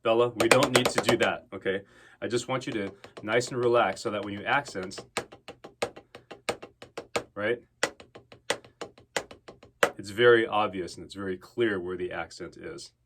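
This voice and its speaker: A man with a fairly low voice talks his students through drum technique in a relaxed, conversational way, often pausing on fillers. A faint hiss sits under the camera-mic recording. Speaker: drum teacher. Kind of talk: casual instructional talk to students.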